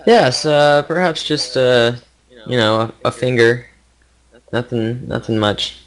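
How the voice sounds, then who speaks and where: A man's voice: mid-range voice, fairly even intonation, slow, poor audio. A man playing an elf character in a tabletop game, polite and formal. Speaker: player.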